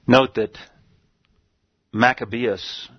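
A man's voice: medium pitch, steady tone, husky, no echo. Emphatic preacher man, dull dry recording. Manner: slow emphatic scripture quoting, some restarts. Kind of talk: sermon with scripture reading.

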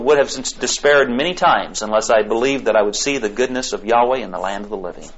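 Man preaching a sermon, dull lo-fi sound. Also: mid-range voice. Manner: rises to emphatic, drawn-out declarations.

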